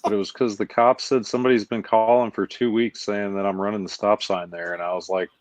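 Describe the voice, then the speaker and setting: A man hosting a casual talk show, telling stories in an animated, profane way and acting out quotes. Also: lowish voice, brisk, no echo. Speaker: show host. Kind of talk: casual chat. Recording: dull lo-fi sound, dry.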